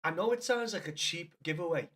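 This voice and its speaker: A man's voice: a little high, expressive, a little fast, fairly bright tone. Chatty, swearing male streamer. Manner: chatty, swears a lot, calls viewers lad. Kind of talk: casual live-stream chat.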